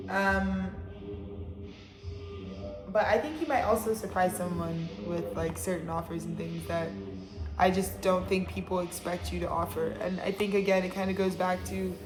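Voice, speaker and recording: A woman's voice: lowish voice, reverberant. A woman giving a casual, rambling tarot reading, talking bluntly and swearing freely. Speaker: tarot reader.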